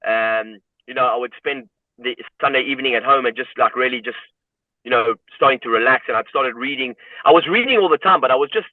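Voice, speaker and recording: Guest: man from South Africa, reflective storyteller, mid pitch, dry tinny call audio. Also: fairly quick, dry recording. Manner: reflective, repeats "you know" often. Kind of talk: personal story in interview. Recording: tinny phone-like line, dry.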